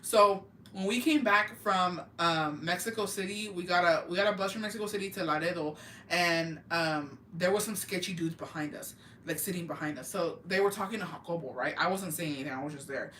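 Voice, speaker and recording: A woman's voice: lowish voice, a little fast, bright, forceful tone, slight background noise. Cussing, gossipy woman in a roomy room. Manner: profane, gossipy storytelling with Spanish mixed in. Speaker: livestream host. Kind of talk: casual chat. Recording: roomy echo.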